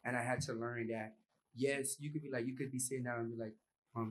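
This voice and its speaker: A man's voice: medium pitch, fairly even intonation, fairly quick, fairly bright tone, low-quality recording. Earnest young man speaking from the floor. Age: young adult. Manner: earnest, acts out example dialogue. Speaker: audience member, university student. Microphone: audience microphone.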